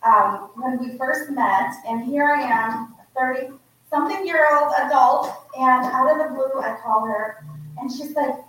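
High bright earnest woman storyteller. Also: unhurried, slight background noise. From United States. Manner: earnest, heartfelt, animated. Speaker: author and guest speaker. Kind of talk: unprepared personal storytelling talk. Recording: echoey room, voice from a distance.

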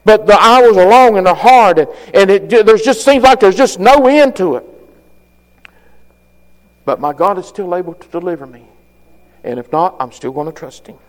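A man preaching a fervent, folksy sermon, rising louder and higher on key phrases. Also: expressive, moderate pace. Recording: long hall reverb.

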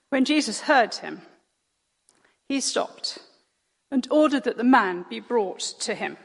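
Woman scripture reader, lively melodic delivery, unhurried, long church-hall reverb. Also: a little high, vocal fry, slightly rough. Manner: slow, dramatic storytelling. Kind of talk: expressive Bible reading.

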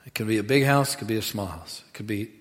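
A man preaching a sermon in a lively, animated way, dropping to quiet asides and rising to loud bursts. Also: on the low side, fast. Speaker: pastor. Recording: reverberant hall.

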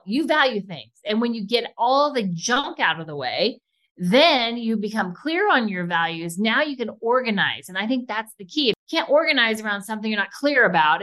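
A woman co-hosting a podcast who talks quickly and with plenty of enthusiasm. Her delivery is lively and conversational, easy-going chat with a listener in mind. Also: a little high. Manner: enthusiastic, fast-talking, animated. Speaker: podcast co-host.

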